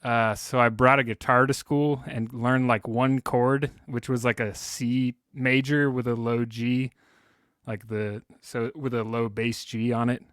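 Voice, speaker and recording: A man's voice: mid-range voice, flat delivery, unhurried, a bit bright, no echo. Laid-back male podcast guest, dry sound. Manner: laid-back, slangy, rambling storytelling. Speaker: guest musician. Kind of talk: casual podcast chat.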